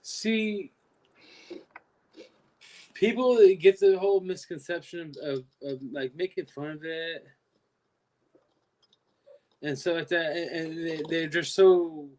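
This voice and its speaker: Halting man guest on a stream. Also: on the high side, a little mellow. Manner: halting, repeats words and restarts often. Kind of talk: casual chat.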